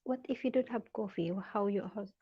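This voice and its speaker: A woman's voice: mid-range voice, a little fast, husky, no room sound. A woman from the Philippines hosting a casual live stream, reading out viewers' comments and greeting them by name, with frequent laughter. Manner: chatty, laughs often, reads viewer names aloud. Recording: dull lo-fi sound.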